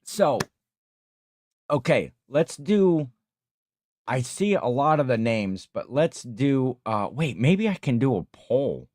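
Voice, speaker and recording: A man hosting a casual livestream, reading viewer comments aloud and rambling with many pauses. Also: medium pitch, big pitch swings, darkish tone, dry recording, studio quality. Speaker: livestream host.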